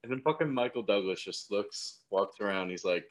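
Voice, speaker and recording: A man's voice: fairly low pitch, expressive, normal speed. A man co-hosting a podcast, chatting casually about a film and laughing along. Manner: laid-back, laughs along, swears casually. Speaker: podcast co-host. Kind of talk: casual movie review chat.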